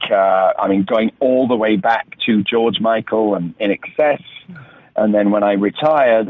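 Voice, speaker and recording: A man's voice: on the low side, dry recording. A middle-aged man from England, chatting as a guest in a phone-in radio interview. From northern England. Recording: tinny dry phone line.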